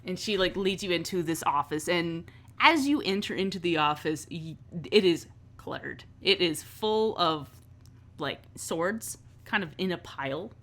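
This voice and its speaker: Woman, game master, tabletop narration, loose, many fillers, lowish pitch. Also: expressive, a little slow, fairly bright tone.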